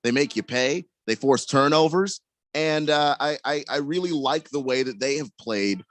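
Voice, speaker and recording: A man's voice: mid-range voice, moderate pace, no room sound. A man co-hosting sports talk radio in a studio, breaking down a game analytically and stammering on his first words.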